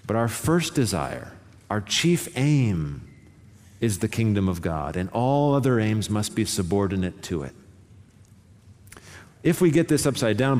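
A pastor preaching a sermon with earnest, shifting emphasis and the occasional soft laugh. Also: male voice, on the low side. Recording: hall reverb.

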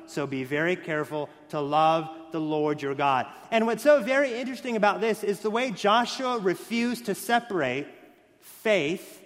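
A man preaching a sermon, stressing key words loudly and then dropping to hushed lines. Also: sits high. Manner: emphatic, swings between loud stresses and hushed lines. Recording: long hall reverb.

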